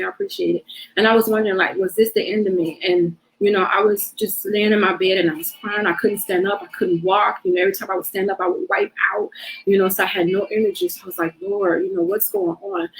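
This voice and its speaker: Middle-aged woman host, casual and emotional testimony delivery, mid pitch. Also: creaky, low-quality recording. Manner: emotional, faith-filled, many fillers like "you know". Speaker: host sharing her testimony.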